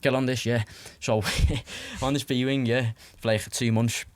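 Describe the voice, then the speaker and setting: Flat and unhurried, a medium-pitched young man with a Liverpool Scouse accent tells casual stories as a podcast guest. He rambles, restarts often, leans on filler words, and swears freely.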